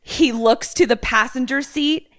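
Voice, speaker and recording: A woman podcast co-host in casual chat, telling a horror film's plot in an animated way and acting out the characters. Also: sits high, a little slow, dry recording, studio quality. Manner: animated storytelling, acts out the characters.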